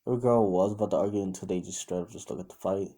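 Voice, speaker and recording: A young man retells a made-up fan story as it comes to him. He rambles and restarts often. His voice sits fairly low and sounds mellow and dark. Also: rapid-fire, slightly rough. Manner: rambling, with many fillers and restarts; quotes characters in his own voice.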